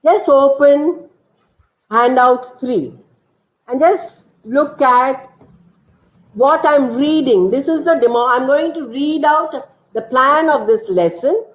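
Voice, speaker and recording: A woman teacher trainer, explaining classroom activities in a slow, deliberate way during an online training session. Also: high-pitched. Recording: roomy, dull lo-fi online session audio.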